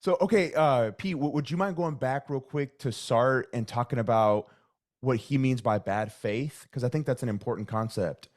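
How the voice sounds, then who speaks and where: Man, podcast host, casual chat, halting, repeats words, mid-pitched voice. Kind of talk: casual conversation.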